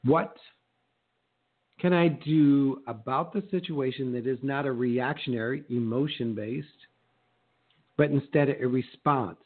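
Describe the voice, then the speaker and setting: A middle-aged man coaching real estate agents in a motivational talk, lively and acting out little exchanges in shifting voices. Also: medium pitch, unhurried. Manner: animated, acts out quoted exchanges in changing voices. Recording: narrow phone-like sound.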